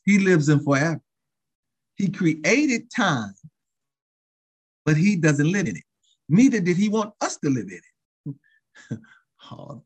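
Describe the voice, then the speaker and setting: Husky preacher man, rising and falling. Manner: call-and-response preaching with frequent "saints" and "thank you, Jesus"; chuckles between phrases, pitch swings widely. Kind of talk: sermon.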